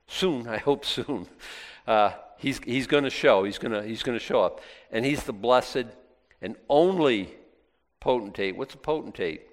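A male pastor preaching in a casual, conversational way, acting out little prayers and back-and-forth dialogue. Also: on the low side. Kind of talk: sermon. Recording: long hall reverb.

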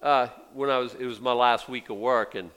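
A man's voice: mid-range voice, fairly even intonation, normal speed, fairly bright tone, clean tone. An older man in his sixties preaching a sermon in a conversational way, acting out quotes in little voices. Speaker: pastor.

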